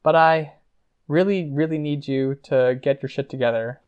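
Brief: male narrator doing a frank, pushy young woman cousin, slightly higher and livelier, a bit muffled. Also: fairly even intonation, normal speed, smooth, natural voice. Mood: urgent. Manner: pushy, exasperated questions.

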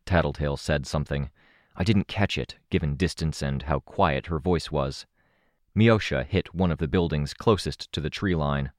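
Low-voiced guy reading an action story aloud, dramatic and steady, dry close sound. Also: normal speed, no echo. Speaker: audiobook narrator. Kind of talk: scripted first-person narration.

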